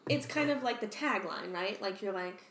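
Animated woman chatting in a roomy space. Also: medium pitch, moderate pace, slight background noise. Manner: animated, acts out quoted conversations. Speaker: podcast co-host. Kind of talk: casual chat. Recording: roomy echo.

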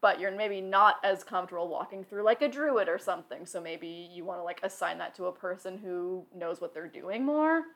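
Bright forceful woman chatting on a gaming podcast, giggly, says like a lot. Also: fairly low pitch, expressive, normal speed, few pauses. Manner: chatty, laughs often, lots of "like". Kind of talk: casual podcast chat.

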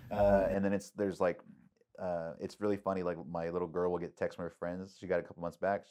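A middle-aged man with a very deep, low voice telling a story on a podcast. He talks casually with plenty of "like" fillers. He acts out the people in his story animatedly, leaping up in pitch for their lines. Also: fairly quick. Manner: animated, acts out quotes with big pitch jumps, many "like" fillers.

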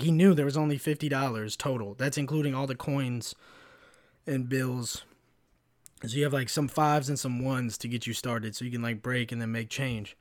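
A man's voice: medium pitch, no room sound, studio quality. A young man hosting a podcast, telling a story from work in a casual, exasperated and profane way, full of "bro" and "like". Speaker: podcast host. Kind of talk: casual venting monologue.

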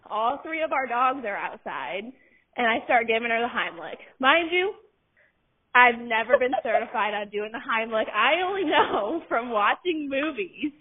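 Young woman, tinny phone-like line. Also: a little high. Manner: laughing, playful, teasing. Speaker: podcast co-host. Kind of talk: casual storytelling chat.

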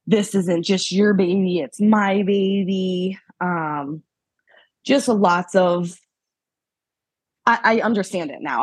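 A woman in her thirties from Pennsylvania, USA, guests on a podcast in a casual interview, telling her story candidly in a rambling, filler-heavy way. Her voice is lowish and slightly rough, with no room sound.

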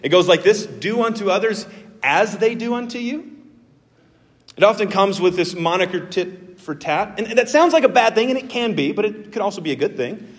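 A male pastor delivering a sermon with earnest, animated emphasis. His voice sits slightly high for a man. The recording carries a long reverb from a church sanctuary. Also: brisk, hardly any pauses. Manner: earnest, animated preaching with emphatic pitch jumps.

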